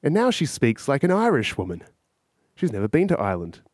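A man's voice: medium pitch, wildly swooping pitch, fairly quick, darkish tone, no echo, studio quality. A man hosting a podcast, musing aloud in a rambling, profane casual monologue and putting questions to his listeners. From Australia. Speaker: podcast host.

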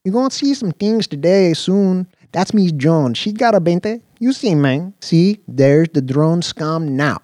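A man's voice: high voice, lively intonation, measured pace, hardly any pauses, a little mellow, no echo, studio quality, pitched above the performer's own voice. A man putting on a grinning pilot with a thick Mexican accent. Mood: assuring. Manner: enthusiastic, broken English. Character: grinning male hover-limo pilot, cheerful and easygoing.

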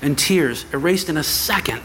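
In a church sanctuary, a pastor shares a personal story with his congregation, animatedly performing each quoted voice. His voice is fairly high and his pace normal, with a slight hiss or hum audible.

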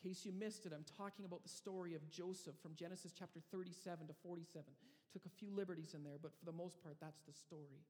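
A man preaching a sermon, telling a story with dramatic pauses and frequent restarts. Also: sits high, fairly even intonation, warm tone, in a large hall. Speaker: pastor.

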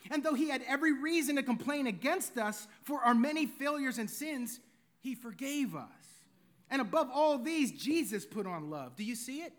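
A man's voice: very high voice, animated, moderate pace. A middle-aged man, preaching a sermon in a conversational way, full of rhetorical questions. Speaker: pastor.

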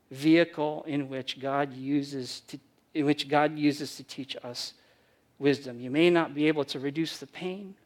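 Animated preacher with a higher voice. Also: male voice. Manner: animated, acts out quoted voices, swings from loud emphasis to hushed lines. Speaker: pastor. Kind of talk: sermon.

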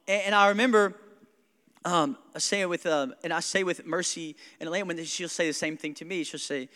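A pastor preaching an animated sermon, laughing often and acting out his kids. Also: a little high, normal speed, long pauses, long reverb tail.

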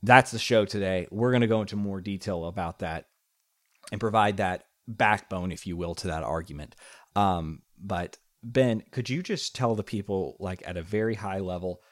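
Man, low-pitched, earnest podcast co-host, hesitant fillers, dry close recording. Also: no room sound. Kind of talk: casual podcast discussion.

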